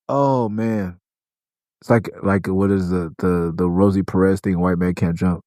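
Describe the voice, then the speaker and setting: Low-voiced and moderately paced, a podcast host from Los Angeles recounts stories from the road in a laid-back way. He curses freely and gets animated, raising his voice to perform quotes. The sound is dry and studio-clean.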